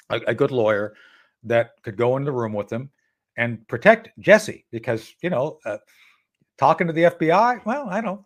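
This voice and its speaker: A man at an average pitch, speaking as an interview guest. He tells his story in a loose, conversational way and often restarts his sentences. He jumps into voices to act out each exchange. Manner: animated, acts out dialogue with frequent restarts.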